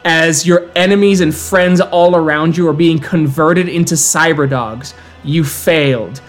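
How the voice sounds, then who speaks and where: A man narrating a tabletop horror game as storyteller, in measured, descriptive tones he sometimes draws out for effect. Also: fairly high pitch, steady tone, faint music behind.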